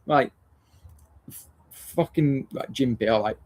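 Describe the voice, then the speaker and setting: A man's voice: mid-range voice, slow, darkish tone. A man, a dog trainer hosting a casual live discussion, talking bluntly, swearing often and restarting his phrases.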